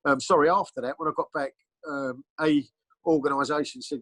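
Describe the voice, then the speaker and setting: A man's voice: on the high side, steady tone, fairly quick, a bit bright, a little hiss or hum, rough recording. A middle-aged Englishman, telling rambling, blunt stories as a podcast guest, full of ums and restarts. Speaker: podcast guest, former bodyguard. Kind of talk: casual storytelling interview.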